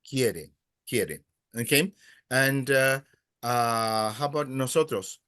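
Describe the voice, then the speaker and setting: A man teaching a Spanish class in a classroom, patiently prompting students, praising their answers and pausing often with "uh". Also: medium pitch, fairly bright tone, clean tone, no room sound, studio quality. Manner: hesitant, many "uh" pauses. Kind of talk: classroom language lesson.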